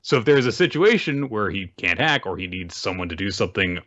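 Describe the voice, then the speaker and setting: A man with a lowish voice and lively pitch, co-hosting a casual recap chat. He explains plot points and corrects details. His dull, lo-fi mic muffles the top end. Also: fairly quick. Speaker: podcast co-host.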